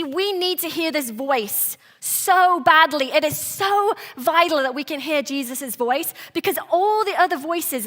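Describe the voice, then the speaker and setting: Bright, high-voiced woman preaching earnestly. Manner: earnest, emphatic, conversational. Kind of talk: sermon. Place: church service.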